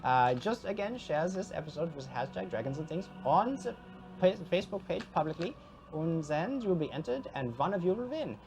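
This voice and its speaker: A woman's voice: mid-range voice, sing-song, quick pace, faint music behind. A woman voicing Alvin, a cheerful and morbid male ghost who presents prizes in a tabletop game, with a put-on accent and a sugary, delighted manner. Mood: sweetly morbid. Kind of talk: live-streamed tabletop game.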